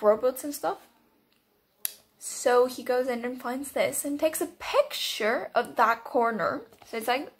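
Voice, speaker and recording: A young woman giving casual reaction commentary on a TV episode, excitable and often breaking into laughter. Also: on the high side, breathy edge. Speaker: reaction video host.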